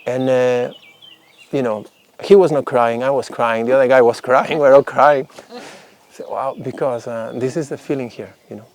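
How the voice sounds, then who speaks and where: A man's voice: mid-range voice, moderate pace. A man telling a personal story casually, rambling with many fillers. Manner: rambling, lots of fillers, animated when quoting others.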